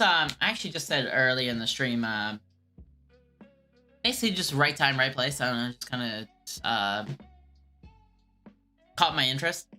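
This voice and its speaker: A woman chats casually with her live-stream audience in a low, bright-edged voice. She hesitates often and trails off. Faint music plays behind her. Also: expressive, moderate pace, long pauses. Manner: hesitant, trailing off with many fillers.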